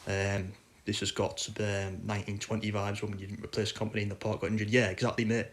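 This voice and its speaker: A man's voice: lowish voice, little pitch movement, fast, slight background noise. Frustrated man ranting. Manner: frustrated, blunt, swears. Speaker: football fan podcaster. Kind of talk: casual ranting chat.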